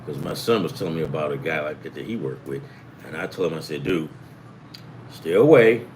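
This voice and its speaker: A man's voice: extremely low pitch, animated, brisk, a little mellow, slight background noise. A middle-aged man from the US East Coast telling rambling, profane stories in a casual sports betting show, acting out the voices of people he quotes. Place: home in California.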